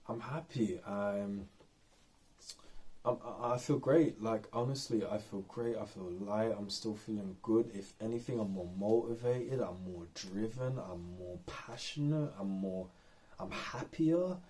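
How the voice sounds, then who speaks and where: A man's voice: lowish voice, darkish tone, slightly rough. A man talking candidly and in a rambling way in an unscripted personal vlog. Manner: rambling and candid, lots of fillers. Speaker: vlogger.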